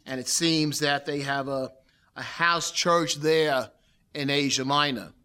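A man's voice: a little high, takes it slowly, pushed and bright, clear, resonant tone. A man teaching a lecture on Bible history, explaining in a conversational way, repeating points and reading scripture aloud.

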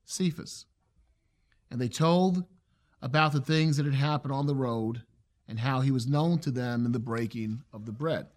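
A man teaching verse by verse through a Bible passage in an earnest, emphatic way. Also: a little high. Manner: earnest, emphatic with shifts in pace. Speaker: preacher.

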